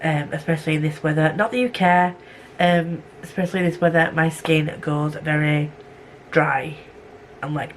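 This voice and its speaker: Young woman, casual book vlogger, rambling and self-deprecating, middling pitch, camera mic with a touch of noise. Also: steady tone, normal speed. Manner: rambling, self-mocking, goes off on tangents. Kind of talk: casual vlog chat. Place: home room at night.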